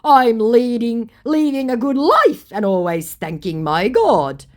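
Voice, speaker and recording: A woman's voice: fairly high pitch, very animated, a little mellow, voice pushed up. Woman mimicking a whiny male scammer. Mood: pleading. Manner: wheedling, drawn-out. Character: pleading male online scammer, evasive.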